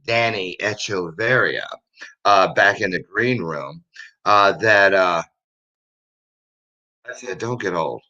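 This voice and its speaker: A man's voice: sits low, slow pace, pauses often, sharp tone, dull audio. A man in his fifties hosting a casual talk show, rambling and joking with frequent laughs. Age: over 50. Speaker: host. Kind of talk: casual chat show monologue.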